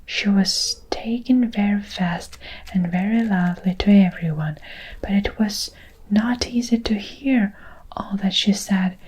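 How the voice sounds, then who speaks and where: Slow husky whispering woman storyteller. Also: mid-range voice, poor audio. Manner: soft, unhurried storybook reading. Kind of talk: whispered role-play.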